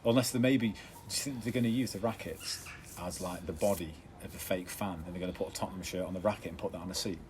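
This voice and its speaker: A lower-pitched English man co-hosting a casual podcast. He jokes in a dry, deadpan way. There's a faint hum of noise under the recording. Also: quick pace. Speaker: podcast co-host. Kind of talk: casual chat.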